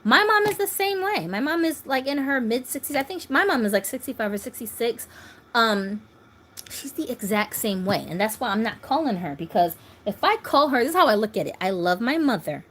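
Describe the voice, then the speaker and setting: A woman in her thirties who runs a doll channel chats casually on a phone livestream, laughing often and reading viewer comments aloud. Her voice is fairly high, expressive and fairly bright, and she speaks fairly quickly.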